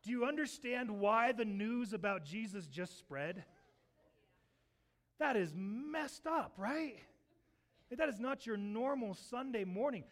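Male pastor, higher voice, animated sermon storyteller who acts out the text. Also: unhurried. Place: church sanctuary.

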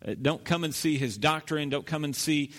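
A man's voice: a little high, moderate pace, a bit bright, big-room sound. A male pastor preaching a sermon in a church, earnest and questioning, often repeating his phrases and restarting his sentences. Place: church sanctuary.

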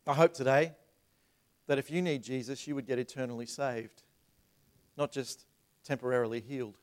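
A man's voice: mid-range voice, fairly even intonation, normal speed. A man preaching a sermon as a pastor, asking the room rhetorical questions and stumbling over repeated words. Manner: acts out voices in retold scenes.

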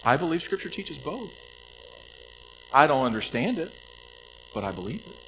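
A pastor preaching a sermon, stressing scripture slowly and dropping to soft appeals. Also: male voice, a little high, sing-song, a little hiss or hum, poor audio. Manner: emphatic, slows down to stress scripture, drops to soft pleas.

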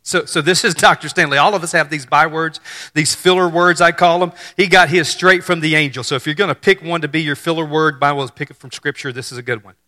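A man in his fifties preaching in a loose, conversational style, often doubling words as he restarts. His voice is bright and forward, pitched a little high for a man. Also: fairly even intonation, quick pace. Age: 50s. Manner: conversational, repeats words on restarts, jokes with the congregation. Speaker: pastor. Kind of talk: sermon.

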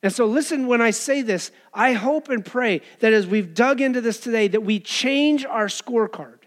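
High-voiced man preaching a sermon. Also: moderate pace. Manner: conversational preaching, acts out crowd and beggar voices. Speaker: pastor.

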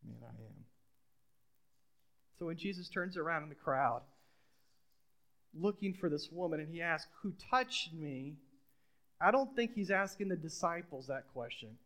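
Here a middle-aged pastor delivers a sermon in a conversational style, with repeated phrases and questions aimed at the congregation. His voice sits high and sounds a bit bright.

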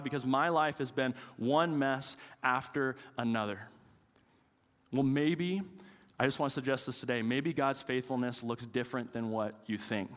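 A man's voice: medium pitch, fairly bright tone, big-room sound. A man in his thirties, a pastor preaching a sermon with casual, joking stories about family life.

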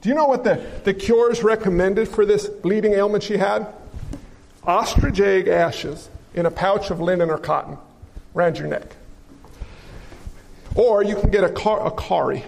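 A pastor with a notably high voice preaches to his congregation. He keeps it lively with questions and stories. His voice rings with the long reverb of a large hall. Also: moderate pace, gravelly. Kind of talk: sermon.

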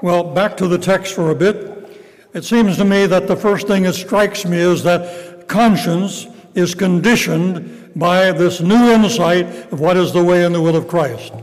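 An older man preaching a sermon in a measured, reflective way, with pauses. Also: high voice, in a large hall, rough recording. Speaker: pastor.

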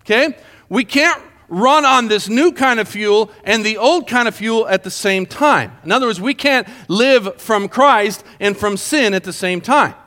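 A man teaching a Bible lesson to a group. He talks in an animated way and keeps checking in with his listeners, asking if they are following. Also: sits high, a little slow.

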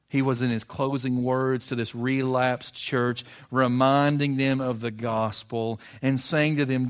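A man preaching a sermon to a congregation in a church, earnest, building to emphatic peaks and dropping low again. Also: level tone, measured pace, few pauses. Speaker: pastor. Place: church sanctuary.

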